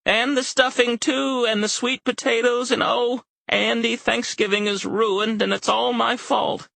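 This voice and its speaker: A man voicing a frail elderly mother who is flustered and confused, exclaiming in a shrill, fretful voice. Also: little pitch movement, a little slow, gravelly, bright, forceful tone, no echo, heavily acted.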